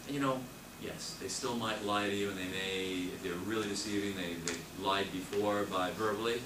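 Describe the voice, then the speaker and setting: A man's voice: on the low side, steady tone, moderate pace. A man teaching a real estate sales class, emphatic and repeating his key points as he coaches. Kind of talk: classroom training talk. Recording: echoey room, mic far off, noisy.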